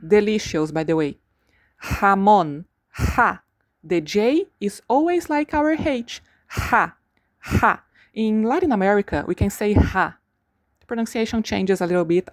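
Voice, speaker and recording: A woman teaching Spanish vocabulary, saying each word slowly and repeating it for the learner. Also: medium pitch, darkish tone, dry recording. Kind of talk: slow pronunciation lesson.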